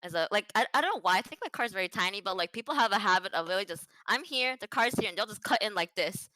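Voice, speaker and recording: A young woman with a bright, forceful voice chatting on a casual podcast. She swears freely and gets giggly and animated as she tells stories. The sound is close and dry. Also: mid-range voice, rapid-fire, no echo, poor audio. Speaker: podcast co-host. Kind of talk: casual chat.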